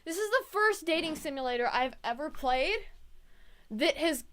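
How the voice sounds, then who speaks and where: High, lively young woman gamer. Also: moderate pace. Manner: dramatic, loud outbursts between quiet reading. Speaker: game streamer. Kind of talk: reading and reacting to a dating sim.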